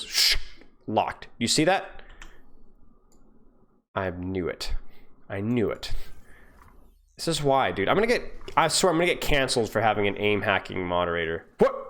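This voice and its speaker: A man's voice: fairly low pitch, a bit bright. A young man coaching live on stream, reviewing gameplay in a casual, joking way and answering his viewers. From United States.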